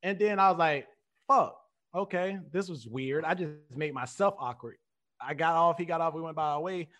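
Man, podcast co-host, casual chat, profane, animated storytelling, high voice. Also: fairly quick.

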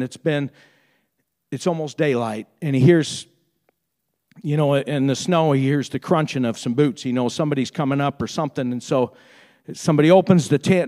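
A man preaching a sermon. He retells a story with deep feeling, repeats and restarts his words when moved, and builds into fervent preaching. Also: darkish tone.

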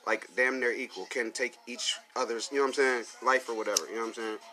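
A man's voice: medium pitch, fairly even intonation, fast. A man hosting a casual solo podcast, ranting heatedly with lots of profanity, fillers and short laughs. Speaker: podcast host.

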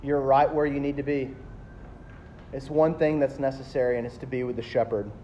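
A man, preaching a sermon as a pastor, emphatic and animated, slowing down to stress key words. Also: mid-range voice, a little hiss or hum. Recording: dull lo-fi sound with faint ambience.

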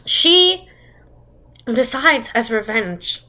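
A woman's voice: fairly high pitch, lively intonation, extremely slow, bright, forceful tone. A young woman co-hosting a casual podcast, sarcastically recapping a movie's plot, laughing often and acting out the characters' lines. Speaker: podcast co-host.

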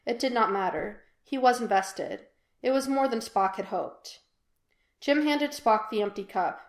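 A woman reading a fan fiction audiobook in an even, unhurried storytelling voice. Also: on the high side. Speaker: podfic reader. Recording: echoey room.

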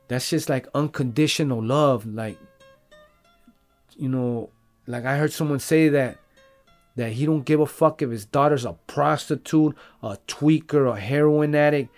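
A man's voice: medium pitch, a little mellow. A man, telling his own story in loose, rambling slang full of "like" and "you know". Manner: profane street slang. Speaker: podcast guest telling his life story. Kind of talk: casual storytelling.

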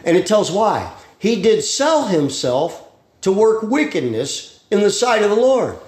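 High-voiced folksy preacher. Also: male voice, sing-song, darkish tone, roomy sound. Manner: folksy, plainspoken preaching with slang and quick asides. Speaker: pastor. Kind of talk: sermon.

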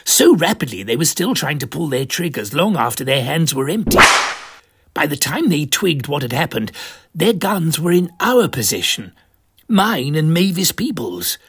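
A man's voice: fairly high pitch, sing-song, normal speed, slight background noise. A man doing a pompous old English gent. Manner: pompous, posh old-fashioned slang. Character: pompous elderly English gentleman adventurer. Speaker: storyteller. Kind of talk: comic first-person narration.

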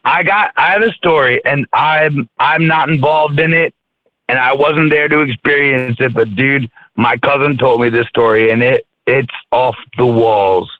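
A man's voice: mid-range voice, a little slow, no echo. A man from Maryland telling a story in casual chat, rambling and profane, with lots of fillers and restarts. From Maryland, USA. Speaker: podcast co-host. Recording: tinny phone-like, dry sound.

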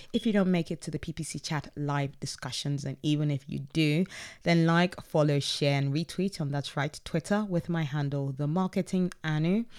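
A podcast host with a smooth, slightly mellow, medium-pitched voice recaps an online chat in a casual, upbeat way. Reading out participants' posts, the host laughs often and frequently corrects themselves.

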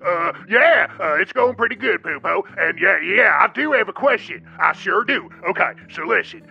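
Guy doing a goofy caller, gravelly and kinda high, lotsa uhs, dull lo-fi line. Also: animated, normal speed, soft background music, heavily acted. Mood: awkward. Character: goofy male caller with embarrassing question. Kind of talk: comedy radio call-in sketch.

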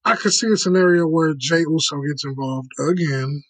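Higher-voiced man hosting a podcast. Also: normal speed, no room sound, low-quality recording. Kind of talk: casual podcast chat.

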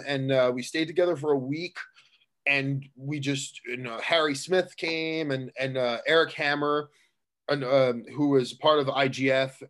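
An excitable man, a professional wrestler, chatting as an interview guest. His voice sits at an ordinary middle pitch, and he rambles, tripping over himself and restarting his sentences as the thoughts pile up. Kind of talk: casual interview chat.

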